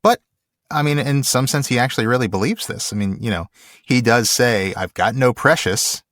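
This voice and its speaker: A man co-hosting a podcast, discussing a book in an animated, emphatic way and reading passages aloud. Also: medium pitch, fairly quick, dry recording, studio quality. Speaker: podcast co-host.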